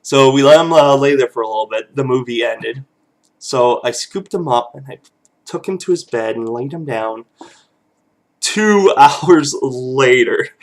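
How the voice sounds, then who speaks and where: A man in his thirties, a father casually telling family stories, chuckling often and loose with fillers. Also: medium pitch. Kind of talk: casual storytelling vlog.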